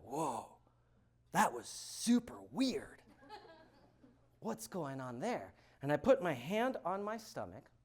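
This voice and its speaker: A man giving a keynote talk, telling a personal story with dramatic pauses and swings from loud emphasis to hushed words. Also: mid-range voice. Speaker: keynote speaker. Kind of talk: storytelling speech to an audience.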